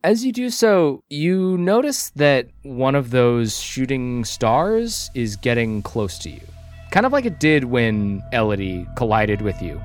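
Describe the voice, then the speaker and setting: A man running a tabletop role-playing game as game master, narrating scenes in a measured, descriptive way with casual asides. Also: mid-range voice, sing-song, dry recording, soft background music.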